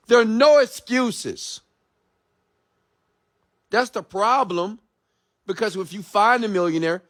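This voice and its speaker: A man's voice: sits high, a bit bright. Blunt, profane man ranting. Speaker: entrepreneur and mentor. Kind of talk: late-night motivational rant.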